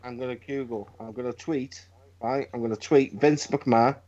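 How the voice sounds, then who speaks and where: A man's voice: medium pitch, fairly even intonation, normal speed, muffled recording, a crowd in the background. Blunt, sweary man ranting. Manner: sweary, blunt, stammers into rants. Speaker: podcast co-host. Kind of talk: casual wrestling chat.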